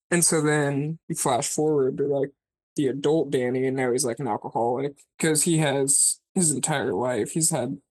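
A podcast co-host casually retelling a movie plot, rambling and swearing, filling every pause with "like" and acting out the characters' lines. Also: medium pitch, a little mellow, husky, dry recording. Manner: rambling, profane, peppered with "like"; acts out characters' lines mid-story.

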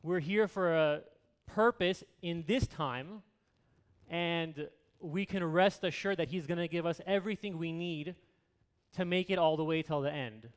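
A man's voice: on the high side, unhurried, smooth. A man in his thirties preaching a sermon in an earnest, conversational way, repeating key words for emphasis. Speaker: pastor.

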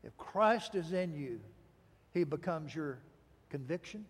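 Male pastor, high voice, storytelling sermon, dramatic pauses, reverberant hall sound. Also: lively intonation, husky.

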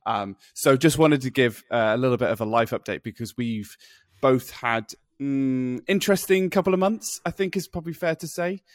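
A man's voice: medium pitch, moderate pace, no room sound, clean studio sound. A man co-hosting a podcast in casual chat, laughing often and tripping over his words. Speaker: podcast co-host.

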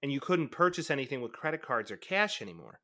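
A man's voice: mid-range voice, very animated, fast talker, bright, forceful tone. Laid-back young man chatting sports. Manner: laid-back, rambling, heavy on fillers like "you know". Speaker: podcast co-host. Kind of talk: casual sports chat.

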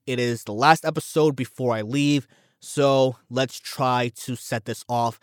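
Speaking at an unhurried pace, this young podcast host rambles through his casual solo show, putting himself down, repeating words and seeming a bit winded. The tone is clean, medium-pitched and fairly even, and the recording is dry and studio grade.

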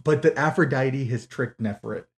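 A woman's voice: a bass voice, normal speed. Sarcastic, swearing woman podcaster. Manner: sarcastic, profane, incredulous. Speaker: podcast co-host. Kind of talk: casual book-critique chat.

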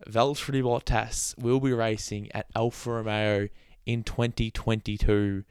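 A man with a lowish, smooth, clear voice talks through a casual solo podcast. He rambles along in a chatty way, tossing in sarcastic asides and laughing at his own jokes. The sound is dry and close, with no room echo. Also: little pitch movement, measured pace, darkish tone. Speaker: podcast host.

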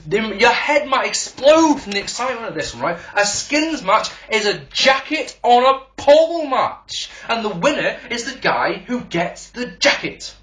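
A man's voice: extremely high pitch, sing-song, unhurried, hardly any pauses, pushed and bright. A man reviewing an old wrestling show in a sarcastic, profane rant.

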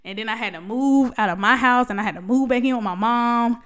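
A woman's voice: on the high side, fairly quick, fairly bright tone. A young woman talking candidly to her viewers about her life and faith, with frequent restarts and laughter. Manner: emotional, testifying, laughs often, many restarts. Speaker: vlogger sharing a personal story. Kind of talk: candid personal talk to camera.

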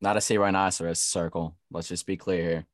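A man co-hosting a podcast, dropping quick wisecracks. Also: low-pitched, little pitch movement. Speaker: podcast co-host. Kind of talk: casual chat. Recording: dry close sound.

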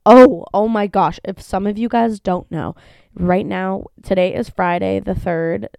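Young woman rambling on her podcast from home, smooth clear voice, dry sound. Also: medium pitch, measured pace, no room sound. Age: young adult. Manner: animated, swearing, acts out quoted voices. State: sneezy from allergies. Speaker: podcast host. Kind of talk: casual solo podcast storytelling.

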